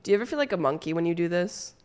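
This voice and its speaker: Young woman streamer, low-pitched voice, loose crude rambling chat with her viewers. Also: lively intonation, racing, darkish tone, clean tone. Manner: rambling, crude and playful, reads chat aloud.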